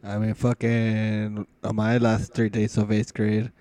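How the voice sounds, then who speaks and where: A man's voice: fairly low pitch, completely flat delivery, a little slow, dark tone. A young man co-hosting a podcast, talking in blunt, profane, casual banter. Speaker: podcast co-host. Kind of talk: casual chat.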